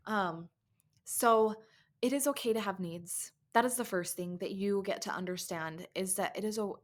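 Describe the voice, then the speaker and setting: A woman in her thirties hosts a podcast and talks straight to other mothers about home life. She speaks candidly and conversationally, often checking in with a quick "right?". Her pitch sits at an ordinary middle level. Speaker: podcast host and coach. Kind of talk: casual podcast monologue.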